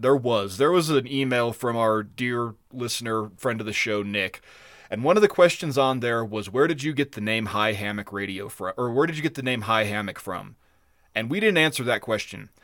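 A man's voice: medium pitch, a bit bright, no room sound, studio quality. A young man co-hosting a casual podcast, talking loosely with lots of swearing and frequent laughs. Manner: loose, profane, laughing often. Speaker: podcast co-host.

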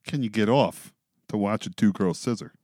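A man's voice: fairly low pitch, normal speed, darkish tone, no echo, clean studio sound. A man co-hosting a podcast in casual, crude banter, laughing often and joking loosely. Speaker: podcast co-host.

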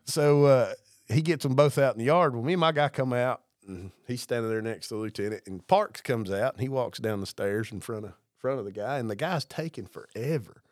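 A man's voice: medium pitch, a little fast, no room sound, studio quality. A male podcast co-host and police officer, telling profane stories in casual chat and laughing at his own punchlines. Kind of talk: casual storytelling over drinks.

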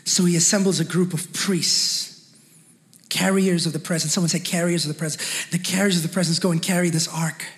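A man's voice: high voice, steady tone, brisk. A male pastor preaching a fervent sermon with call-and-response, in a large church hall. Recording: long hall reverb.

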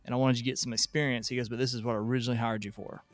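A man telling work stories in a casual, animated way, often laughing. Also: mid-range voice, racing, no room sound, faint music behind. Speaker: podcast guest. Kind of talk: casual storytelling.

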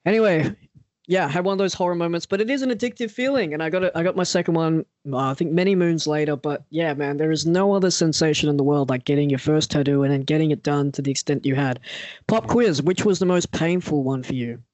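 A man telling a personal story in casual chat as a podcast co-host, animated and acting out the people he quotes. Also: a little high, fast, no room sound. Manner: animated, acts out quoted voices.

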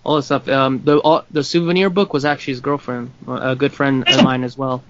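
A man's voice: medium pitch, steady tone, fairly quick, heavy background noise. A man co-hosting a podcast in casual chat, easygoing and a little hesitant. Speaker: podcast co-host. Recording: slightly dull audio.

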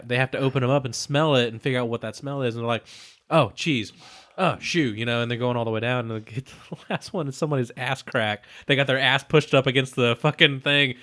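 Co-host, male, bright and sharp, tells crude stories at length. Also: medium pitch. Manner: rambling storytelling with swearing. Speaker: podcast co-host. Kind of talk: casual chat.

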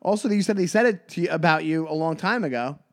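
A man's voice: on the high side, fast. A man co-hosting a podcast in casual chat, joking and retelling movie scenes. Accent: New York. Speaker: podcast co-host.

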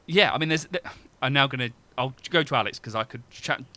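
A man speaks as a guest film scholar, his voice bright and clear-edged. He talks in an academic way, stopping and restarting as he reaches for each idea. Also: mid-range voice, a little fast. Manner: rambling, many restarts and fillers. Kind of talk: academic discussion.

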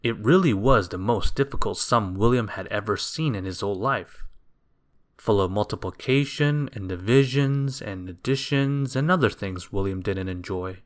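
A man reading a children's storybook aloud in a gentle, expressive, unhurried way. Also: lowish voice.

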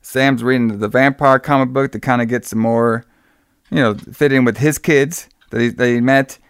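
An easygoing man with a smooth, resonant, mid-pitched voice rambles through a casual movie recap chat, full of fillers and swearing. His tone stays steady at a moderate pace, and the recording is dry and close with no echo.

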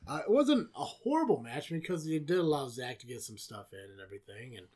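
A man's voice: a little high, sing-song, fast talker, darkish tone, slightly rough. Profane, sarcastic man recapping wrestling. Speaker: podcast co-host. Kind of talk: casual wrestling recap chat.

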